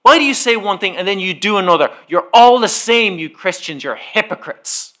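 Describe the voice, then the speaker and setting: A man's voice: high-pitched, expressive, moderate pace, bright, forceful tone. A man acting out an indignant car park attendant. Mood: indignant accusing. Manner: accusing, indignant. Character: angry, self-righteous male car park attendant.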